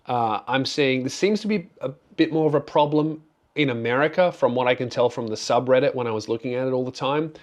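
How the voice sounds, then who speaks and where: A man's voice: mid-range voice, fairly quick. Earnest, rambling young man. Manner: earnest, grateful, rambling with restarts. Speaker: comedian and channel host. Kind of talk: casual, candid Q&A talk.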